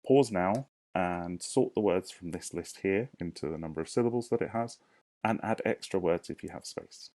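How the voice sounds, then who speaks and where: A man teaching a recorded lesson to young children, speaking slowly and encouragingly and sounding words out clearly. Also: sits low, a little mellow. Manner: invites children to say words along with him. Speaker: primary school teacher.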